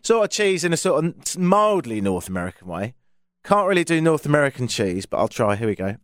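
A man's voice: medium pitch, sing-song, brisk, dry recording. An English man hosting a radio talk show from a studio, with dry, self-mocking banter. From England. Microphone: studio microphone.

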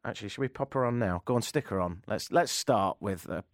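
A man's voice: on the low side, fairly quick, dry recording. A man hosting a comic radio talk show from the studio, ranting in a sarcastic, self-mocking way. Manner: sarcastic, self-mocking rants with mimicked chants.

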